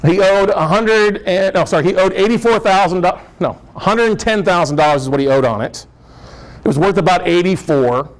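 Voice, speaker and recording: A man speaking to a real estate investor group, telling stories in an animated, joking way and laughing often. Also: sits high, normal speed, poor audio. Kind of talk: storytelling presentation.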